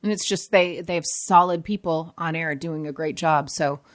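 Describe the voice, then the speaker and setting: A woman's voice: sits low, moderate pace. A woman who used to present morning TV, chatting casually as a podcast guest and poking fun at herself. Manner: chatty and self-mocking. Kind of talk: casual chat.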